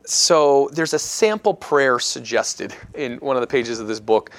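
A man's voice: mid-range voice, lively intonation, measured pace. A man leading a casual Bible study talk, earnest and reflective, often restarting his sentences as he thinks aloud. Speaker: discussion leader.

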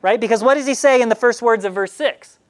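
A woman's voice: on the high side, fast talker. A woman leading a group Bible study, asking questions and acting out the psalmist's words. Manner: animated, asks questions and acts out the psalmist.

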